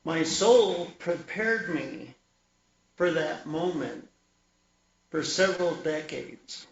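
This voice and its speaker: Male storyteller, wry and reflective, unhurried delivery, dull lo-fi recording. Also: fairly high pitch. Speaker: author and energy worker sharing his story. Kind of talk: personal storytelling talk.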